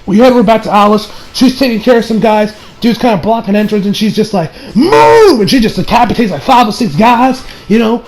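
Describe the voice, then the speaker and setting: A man giving a casual, rambling anime episode review, slangy and excitable, often laughing at his own remarks. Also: high voice, fast, hardly any pauses, poor audio.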